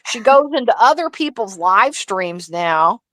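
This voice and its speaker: A woman co-hosting a casual livestream chat, telling gossip in an animated, profane, laughing way. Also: medium pitch, a little slow, no echo. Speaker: livestream co-host.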